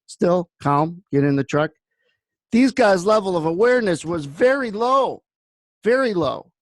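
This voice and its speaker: A man's voice: high-pitched, lively intonation, a little slow, dry recording. A man hosting a trading room, giving blunt market commentary that wanders into personal stories. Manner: blunt, rambling storyteller.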